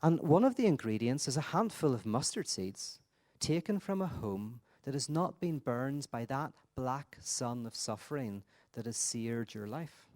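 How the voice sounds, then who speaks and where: Man doing calm old holy man from a told parable, kind, unhurried. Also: medium pitch, natural voice. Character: old male holy man, gentle and enigmatic.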